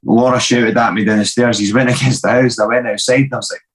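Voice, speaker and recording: Swearing Scottish young fighter. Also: male voice, mid-range voice, fairly even intonation, fast. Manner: swearing, laughing storyteller. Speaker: guest, professional MMA fighter. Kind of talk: casual podcast chat.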